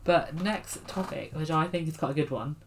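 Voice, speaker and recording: A woman's voice: low-pitched, a little hiss or hum. A young woman co-hosting a podcast, telling stories in a playful, chatty way. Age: young adult. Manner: quick, playful storytelling. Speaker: podcast co-host. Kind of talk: casual chat.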